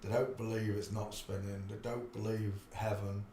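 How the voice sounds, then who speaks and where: A man's voice: fairly low pitch, flat delivery, normal speed, warm tone. A man hosting a rambling live stream, chatty and loose, laughing often between asides. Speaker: livestream host. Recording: echoey room, faint background noise.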